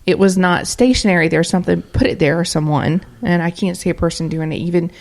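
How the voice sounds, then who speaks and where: A woman's voice: fairly low pitch, quick pace, gravelly, a little mellow. A woman co-hosting a paranormal radio show who tells a story in a chatty, rambling way with many fillers. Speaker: co-host. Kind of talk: casual podcast chat.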